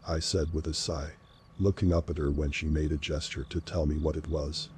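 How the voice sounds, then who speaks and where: A man reading a first-person horror story aloud in a steady, unhurried narration. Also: very deep voice, husky. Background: faint background music.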